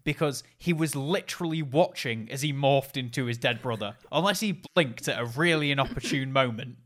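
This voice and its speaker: A man's voice: medium pitch, a bit bright. A man in a casual podcast chat, laughing and incredulous about a film. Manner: incredulous, laughing, quick asides. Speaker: podcast co-host.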